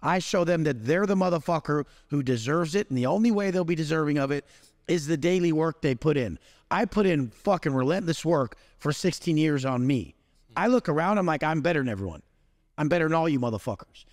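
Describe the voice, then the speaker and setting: A man's voice: a little high, brisk, no room sound, clean studio sound, in a large hall. A man delivering a profane, aggressive motivational rant as an interview guest. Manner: aggressive, swearing heavily. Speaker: guest speaker.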